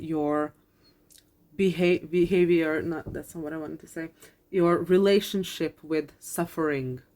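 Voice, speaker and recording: A woman's voice: low voice, a little mellow. A woman giving a tarot card reading to her viewers, earnest and reassuring, repeating her phrases, swearing in passing and close to tears.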